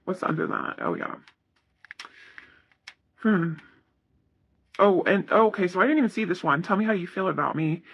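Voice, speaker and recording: A man's voice: high voice, normal speed, long pauses, a bit bright, muffled recording. A man giving a casual tarot reading, talking in a rambling, self-correcting way with lots of fillers. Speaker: tarot reader.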